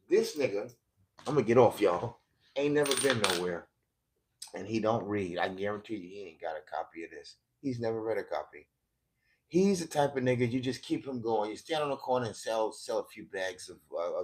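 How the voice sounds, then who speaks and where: An American man doing live-stream political commentary, combative and profane as he mocks a viewer. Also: on the low side. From United States.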